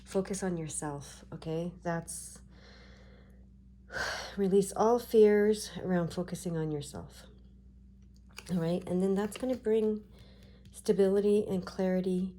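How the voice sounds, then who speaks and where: A woman giving a tarot card reading, talking gently and reassuringly with frequent check-ins to her viewers. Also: lowish voice, slow, long pauses. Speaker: tarot reader.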